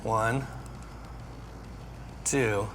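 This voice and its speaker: A man's voice: lowish voice, fairly even intonation, extremely slow, background noise. A man, a youth pastor, nervously chatting and groaning with pain through a spicy food challenge. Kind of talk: casual on-camera chat and food challenge.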